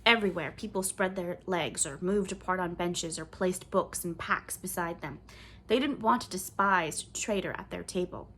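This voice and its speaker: A woman reading a children's novel aloud in clear, measured storybook narration. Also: fairly low pitch, bright, forceful tone, a little hiss or hum. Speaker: audiobook reader.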